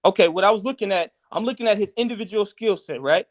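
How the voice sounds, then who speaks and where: Podcast co-host, man, high voice, methodical debater who checks in with "right?". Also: fast talker. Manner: lays out points step by step, tags lines with "right?". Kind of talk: heated casual sports debate.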